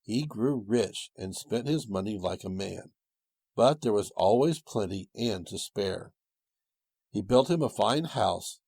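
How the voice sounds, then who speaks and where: A man reading a storybook tale aloud with a gentle, old-fashioned storytelling cadence and a husky voice. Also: on the low side, dry recording. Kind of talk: storybook narration.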